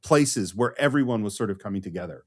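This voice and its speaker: A man's voice: lowish voice, lively intonation, fast. A man co-hosting a podcast, explaining a film in a casual, enthusiastic way with frequent restarts. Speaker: podcast co-host.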